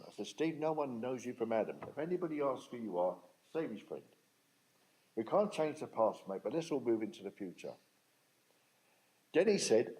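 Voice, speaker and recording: A man's voice: medium pitch, expressive, brisk, long pauses, a little mellow, poor audio. An older man, telling his story to an audience in a blunt, plain-spoken, emphatic way. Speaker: speaker at a talk on restorative justice.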